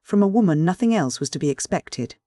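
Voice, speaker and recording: A man's voice: high voice, lively intonation, a little fast, dark tone, dry recording, clean studio sound, pitched above the performer's own voice. A man reading an audiobook, voicing a pompous, boastful older male butler who retells a night's events in a raised, self-important tone.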